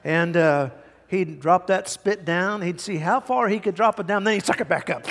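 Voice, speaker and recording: A middle-aged male pastor preaching a sermon, telling stories with big swings from hushed to loud. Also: sits high, a little slow, long pauses. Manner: animated storytelling, swings from quiet to loud. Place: large church hall. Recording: hall reverb.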